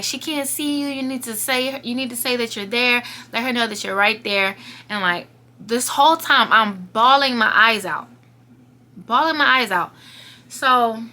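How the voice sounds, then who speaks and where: A woman's voice: mid-range voice, bright, forceful tone, a little hiss or hum. Young woman telling an emotional story. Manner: earnest, emotional, talking straight to viewers. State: holding back tears. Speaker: YouTuber telling a personal story.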